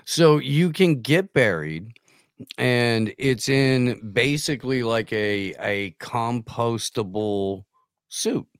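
A man in casual podcast chat who gives blunt opinions in halting bursts full of fillers. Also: medium pitch, expressive, clear, resonant tone, dry recording, clean studio sound.

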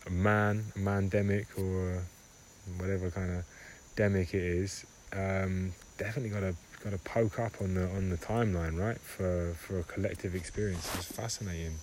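A man hosting a solo podcast, talking in a rambling, halting monologue and often correcting himself. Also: sits low, steady tone. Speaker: podcast host. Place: home in Barbados. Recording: home recording with clear background noise.

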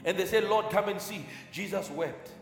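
A man's voice: high voice, moderate pace, loud music behind the voice. A man preaching a fervent sermon, repeating phrases and breaking into tongues. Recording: echoey hall with long reverb.

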